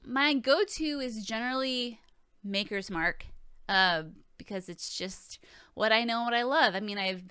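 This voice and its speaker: A woman's voice: a little high, a little slow, bright, forceful tone, clean tone, no room sound, clean studio sound. A woman in her thirties hosting a casual question-and-answer vlog, talking in a profane, joking, chatty way. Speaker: video host answering viewer questions.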